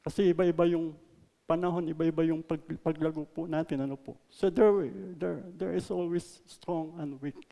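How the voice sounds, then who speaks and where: A man with a Filipino accent preaching a sermon, mixing English and Tagalog, stressing words loudly and then letting lines trail off softly. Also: fairly high pitch, steady tone, moderate pace, vocal fry, big-room sound, muffled recording. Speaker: pastor. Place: church hall.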